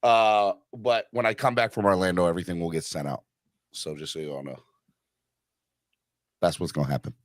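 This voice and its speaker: A man hosting a casual sports podcast in a relaxed way, switching to a deep announcer voice for ad reads. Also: fairly quick, pauses often, dry recording, studio quality. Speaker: podcast host.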